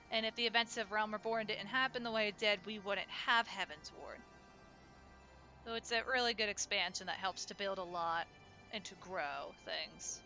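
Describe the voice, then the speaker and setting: A woman's voice: mid-range voice, bright, forceful tone. A woman streaming a story game live, chatting with viewers as she plays and laughing often. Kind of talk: live let's-play commentary.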